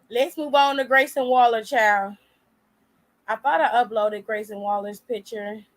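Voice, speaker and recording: Brief: high-pitched woman, sassy and blunt vlog commentator, laughs a lot. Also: unhurried. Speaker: wrestling commentary vlogger. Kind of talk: casual reaction commentary.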